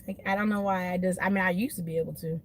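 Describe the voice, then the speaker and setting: A woman beauty vlogger ranting animatedly to her live viewers from her car, emphatic and quick to laugh. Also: lowish voice, slight background noise. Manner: animated, emphatic, laughs often, talks to chat by name. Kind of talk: casual venting rant to live viewers.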